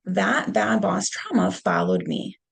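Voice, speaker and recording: A middle-aged woman giving a leadership talk, telling stories from her career in a conversational way and often pausing on "okay". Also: mid-range voice, expressive, gravelly, slightly rough. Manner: conversational, punctuates points with "okay". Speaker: leadership speaker. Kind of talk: storytelling presentation.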